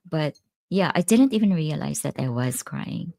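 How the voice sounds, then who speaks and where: A woman's voice: on the low side, lively intonation, normal speed, creaky, mellow, no room sound, clean studio sound. A middle-aged woman hosting a casual livestream, chatting and laughing easily as she tells stories and answers viewer comments. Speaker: livestream host. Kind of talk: casual live-stream chat.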